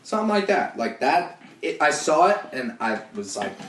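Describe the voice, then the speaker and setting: A man's voice: a little high, moderate pace. A young man telling stories with lots of swearing as a guest on a casual podcast. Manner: animated storyteller, swears a lot. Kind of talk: casual banter. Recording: echoey room.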